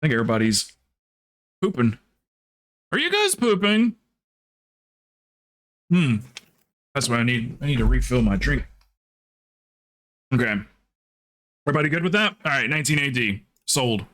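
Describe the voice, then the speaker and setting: A man's voice: medium pitch, normal speed, pauses often, a bit bright. A man who grew up in the southern United States, chatting casually on a livestream and thinking aloud as he plans his group's next game run, with frequent fillers. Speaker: livestreamer planning game runs.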